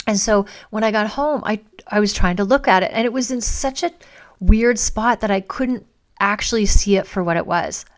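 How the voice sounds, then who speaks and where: A middle-aged woman hosting her own coaching podcast, telling a personal story in a casual, animated way and acting out both sides of a conversation. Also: medium pitch. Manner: animated, acts out quoted dialogue. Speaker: life coach, podcast host.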